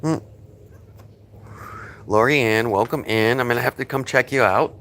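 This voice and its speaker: A man's voice: mid-range voice, normal speed, fairly bright tone. A middle-aged man hosting a casual livestream, rambling chattily and greeting viewers by name. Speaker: livestream host.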